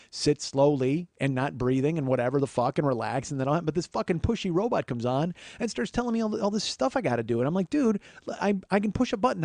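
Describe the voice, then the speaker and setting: A man's voice: a little high, a little mellow, no room sound. A man hosting a comedy podcast, telling a story as an exasperated, profane monologue. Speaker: podcast host.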